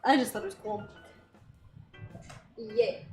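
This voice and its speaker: A young woman hosting an art channel, chatting casually and excitedly while she draws, rambling with lots of little gasps. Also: mid-range voice, takes it slowly, soft background music. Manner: bubbly, easily excited, rambling. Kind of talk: casual chat while drawing.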